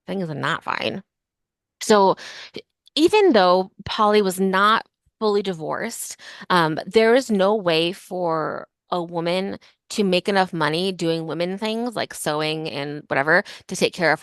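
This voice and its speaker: A woman with a lower voice and a fairly bright tone hosts a casual history podcast, telling a story in a chatty style packed with fillers like "like" and "um." The sound is clean studio audio with no room echo.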